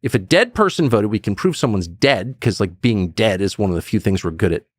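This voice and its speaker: A man's voice: on the low side, lively intonation, fairly quick, no echo, clean studio sound. A middle-aged man, a political commentator, talking bluntly and emphatically in a podcast conversation, acting out the voices he quotes. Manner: blunt, swears.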